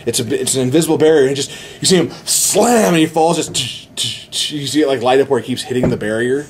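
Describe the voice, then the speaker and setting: A man in casual podcast chat, retelling a movie plot excitedly with many restarts. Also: mid-range voice, fast, slight background noise. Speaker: podcast host.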